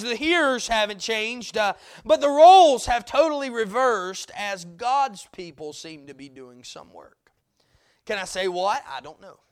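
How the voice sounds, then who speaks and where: A male preacher delivering a sermon, dropping to a hush and then rising to loud emphasis, repeating key words for weight. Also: very high voice, smooth.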